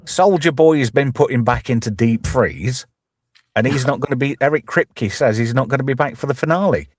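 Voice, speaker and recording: A man's voice: mid-range voice, a little fast, dry recording, studio quality. A man with an East Midlands accent hosting a live show, talking in a blunt, jokey, swearing and rambling way. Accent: East Midlands English. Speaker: host. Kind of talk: casual live chat show banter.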